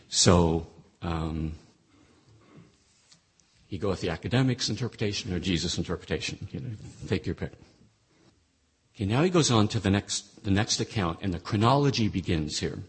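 A man's voice: sits low, slightly rough. A man teaching through Bible passages, reading scripture aloud and then explaining it, with frequent restarts.

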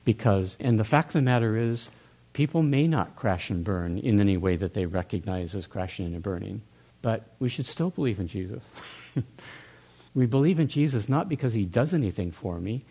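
A man's voice: lowish voice, animated, moderate pace, mellow, slightly rough. An older man talking earnestly in a church discussion, musing aloud with restarts.

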